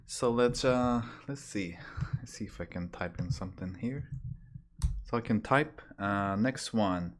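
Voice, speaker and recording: A man teaching slang on a livestream, talking hesitantly with fillers and restarts, jumping higher when he imitates phrases. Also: a little slow, a little hiss or hum. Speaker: language teacher. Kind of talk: casual livestream lesson.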